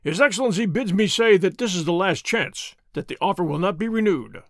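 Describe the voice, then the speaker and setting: A man voicing a gruff army sergeant who barks loud commands. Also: high-pitched, lively intonation, fairly quick, no room sound, studio quality. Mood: blustering.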